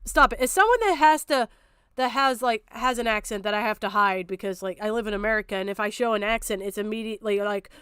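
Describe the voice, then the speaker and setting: A woman's voice: medium pitch, fast, fairly bright tone, clean tone, no room sound, clean studio sound. A woman streamer giving blunt, profane commentary on a video, ranting and mocking as she talks.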